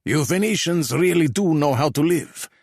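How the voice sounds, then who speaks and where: A man's voice: on the high side, lively intonation, normal speed, slightly rough, no room sound, voice pushed up. A man voicing a courtly older male police general with a dry wit. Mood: wry. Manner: courtly, dryly witty.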